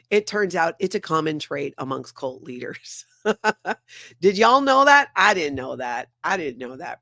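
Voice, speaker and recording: A woman's voice: deep voice, a bit bright, dry recording. Woman livestream host, chatty and loose, comments read aloud; dry, close sound. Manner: chatty, reads out viewer comments. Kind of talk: casual livestream chat.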